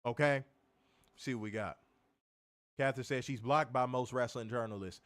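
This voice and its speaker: His pitch is medium and his pace moderate as he co-hosts a wrestling review program. Reading comments, he slips into casual, profane, laughing rants delivered with plenty of animation.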